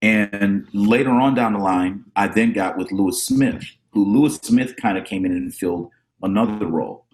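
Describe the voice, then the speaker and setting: A middle-aged man, a drummer and educator, telling animated stories about his mentors as a podcast guest and acting out the voices of the people he quotes. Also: fairly low pitch, normal speed, hardly any pauses. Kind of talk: casual storytelling interview.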